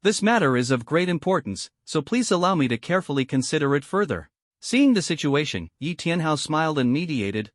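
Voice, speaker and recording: A man with a slightly high voice narrates a comic story recap in a smooth, scripted read. His pitch rises and falls in lively swings, and the sound is close and dry. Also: brisk, no echo.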